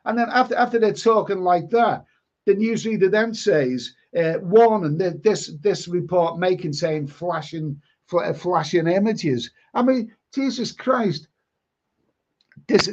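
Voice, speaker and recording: A man hosting a casual live stream, rambling through viewer comments with many stumbles and restarts, a bit bunged up with hay fever. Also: high-pitched. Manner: halting, many repeated words and restarts. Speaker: livestream host reading viewer comments.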